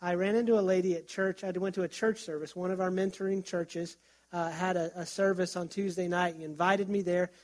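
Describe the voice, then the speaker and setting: This sermon comes from a middle-aged man, a pastor, whose high voice keeps a steady tone and a darkish color at a fairly quick pace. He preaches conversationally, telling stories and restarting often.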